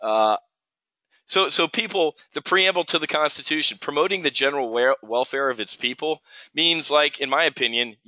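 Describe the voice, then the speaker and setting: With a slightly high, sharp voice at a normal pace, a middle-aged man rants heatedly while hosting a live trading show, often restarting after stumbling over words. The stream audio is dull, dry and lo-fi.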